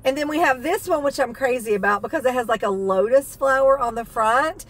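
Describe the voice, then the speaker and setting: Chatty, high-voiced woman vlogger. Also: fairly quick, fairly bright tone. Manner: chatty, enthusiastic, reads product text aloud. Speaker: haul vlogger. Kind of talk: casual haul video chat.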